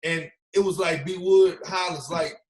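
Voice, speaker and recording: A man's voice: fairly high pitch, unhurried, slight background noise. A man telling stories in a casual, slangy way, acting out what others said. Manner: animated storyteller, slangy, acts out quotes. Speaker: podcast guest, former basketball player. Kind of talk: casual storytelling.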